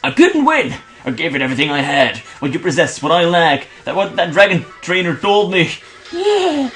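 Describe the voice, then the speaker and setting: A man's voice: a little high, huge pitch swings, normal speed, fairly bright tone, faint music behind. A man reading a cocky young rival trainer. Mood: determined. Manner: boastful, taunting.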